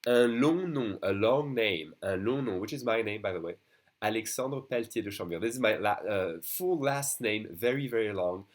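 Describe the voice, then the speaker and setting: A young man from France with a French accent, teaching a beginner language lesson and patiently repeating words slowly for practice. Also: on the low side, animated.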